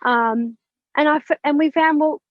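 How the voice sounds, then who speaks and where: A woman telling a personal story as a podcast guest, animated and candid, with swearing and laughter. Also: high voice, moderate pace, no echo. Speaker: podcast guest, spiritual mentor. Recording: dull lo-fi, dry sound.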